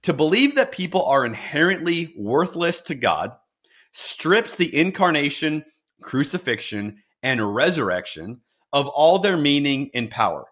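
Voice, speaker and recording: A man's voice: fairly high pitch, a little slow. A middle-aged man co-hosting a theology podcast, talking earnestly and often quoting others in put-on voices. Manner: earnest, animated, quotes and mimics voices. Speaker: podcast co-host.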